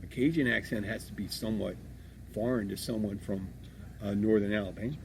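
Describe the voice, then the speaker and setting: A man's voice: lowish voice, fairly quick, a little hiss or hum. Rambling, swearing man. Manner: rambling, animated, swears freely. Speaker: podcast co-host. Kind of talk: casual chat.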